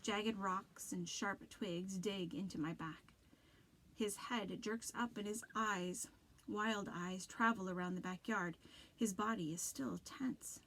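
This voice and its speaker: A woman teacher giving an expressive read-aloud of a children's novel, with dramatic narration. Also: medium pitch, takes it slowly, rough recording.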